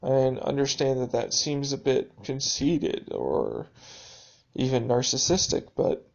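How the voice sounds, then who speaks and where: Man, video journal monologue, slow unhurried delivery, dull lo-fi sound, halting and reflective. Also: medium pitch, very animated, creaky, a little mellow. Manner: reflective, halting, with frequent restarts and dry sarcasm.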